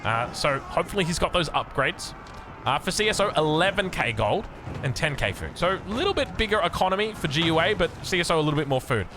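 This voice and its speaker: Talking fast in a fairly high voice over background noise, an Australian man casts a strategy game. He gets excitable, chats with the players, and his voice shoots up at surprises.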